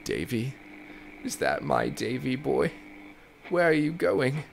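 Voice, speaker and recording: A man voicing a confused elderly mother in a game, shrill and panicky. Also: very animated, slow, fairly bright tone, slight background noise, exaggerated voice. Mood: pleading.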